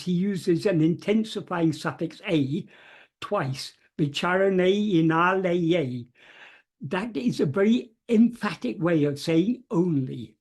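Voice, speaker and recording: A man on a video call explaining a spiritual text carefully, pausing often with fillers and restarts. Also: on the high side, warm tone, breathy edge. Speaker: teacher of spiritual texts. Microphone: computer mic on a video call.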